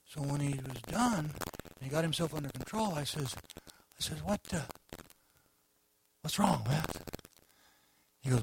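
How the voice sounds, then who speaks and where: A man preaching a sermon, telling a folksy story that swells into loud exhortation. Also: on the high side, expressive, moderate pace, creaky, pauses often, slight background noise, poor audio. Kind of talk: sermon testimony.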